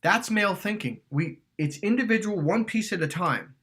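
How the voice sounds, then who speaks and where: Animated, emphatic male dating coach. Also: high voice, normal speed. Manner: emphatic, swears, acts out quotes loudly.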